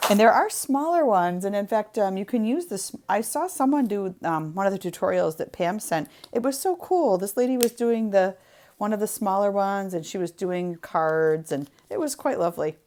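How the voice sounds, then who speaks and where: A woman's voice: mid-range voice, expressive, normal speed, a little mellow. Giggly young woman demonstrating crafts. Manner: giggly, chatty, self-deprecating. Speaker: craft show host.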